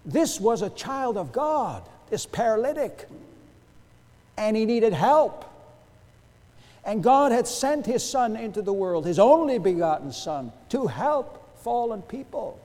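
A man preaching a sermon to his congregation, emphatic, with rhetorical questions and big swings between soft and loud. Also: sits high, big pitch swings, slow. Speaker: pastor. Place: church sanctuary. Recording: long church reverb.

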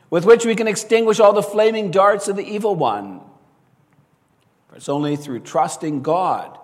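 A man preaching a sermon in an earnest, measured way, often quoting scripture and rising to stress key words. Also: high voice, long reverb tail.

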